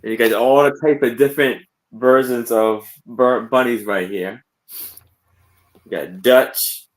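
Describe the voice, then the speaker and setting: A man's voice: medium pitch, steady tone. A man co-hosting a live sale, casually reading out and showing a picture book in simple phrases. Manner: plain, slow, simple phrasing.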